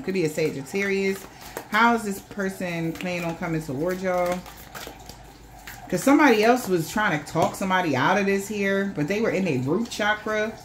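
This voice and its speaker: Woman, tarot reader, slightly low voice, relaxed and profane, acts out quoted lines. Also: noisy background. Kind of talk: casual tarot reading.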